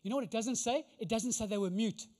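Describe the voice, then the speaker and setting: Male preacher, lively storytelling sermon, high pitch, long hall reverb. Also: quick pace. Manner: animated, conversational, acts out voices. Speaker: pastor.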